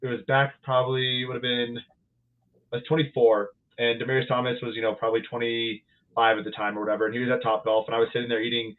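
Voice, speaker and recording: A man's voice: medium pitch, little pitch movement, fast. A man hosting a podcast, asking friendly, rambling questions in casual chat. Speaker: podcast host. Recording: tinny phone-like line.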